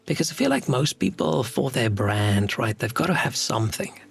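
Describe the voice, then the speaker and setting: A man's voice: medium pitch, big pitch swings, normal speed, gravelly, breathy edge. A South African man, native Afrikaans speaker, chatting casually on a game stream and rambling as he thinks aloud. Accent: South African English.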